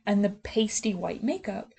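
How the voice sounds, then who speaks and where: A woman's voice: medium pitch, lively intonation, moderate pace, creaky, dark tone, slight background noise. Sarcastic giggly woman recapping a show. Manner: sarcastic, giggly, swears freely. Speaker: podcast co-host. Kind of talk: casual TV recap chat.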